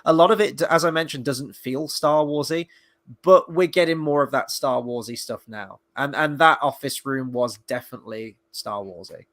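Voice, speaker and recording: A man's voice: medium pitch, normal speed, fairly bright tone. A man hosting a casual show review, rambling with lots of fillers and the odd swear word. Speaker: podcast host.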